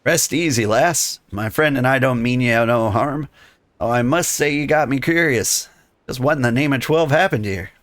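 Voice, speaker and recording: A man's voice: mid-range voice, normal speed, a bit bright, dry recording, close to an everyday voice. A man doing a sly streetwise rogue. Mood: reassuring. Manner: rough talk full of thieves' slang. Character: gruff male rogue guild member, sly and streetwise. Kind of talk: reading game dialogue aloud.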